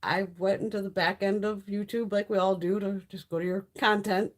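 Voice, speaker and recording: A woman's voice: medium pitch, fairly even intonation, moderate pace. A middle-aged woman hosting a casual beauty live stream, chatty and blunt, swearing freely and laughing often.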